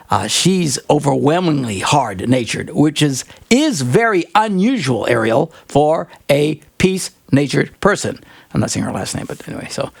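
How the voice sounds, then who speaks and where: A man's voice: medium pitch, vocal fry, husky, no echo. A middle-aged man hosting a radio advice show, rambling and joking and laughing often. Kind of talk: call-in advice show banter.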